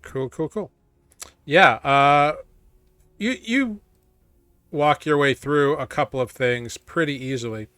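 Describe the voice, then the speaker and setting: A man narrating as game master of a tabletop game, relaxed and casual. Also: medium pitch, measured pace, smooth, no echo.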